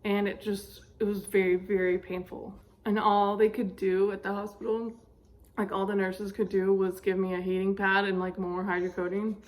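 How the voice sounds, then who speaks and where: A woman's voice: medium pitch, flat delivery, moderate pace. A young woman vlogger casually telling a personal story, chatty with lots of fillers. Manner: chatty, many fillers, laughs while telling.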